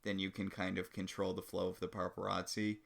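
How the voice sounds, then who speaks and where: A man's voice: low-pitched, little pitch movement, brisk, creaky. A man co-hosting a podcast, chatting about a TV episode with dry, joking banter. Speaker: podcast co-host. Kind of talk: casual TV recap chat.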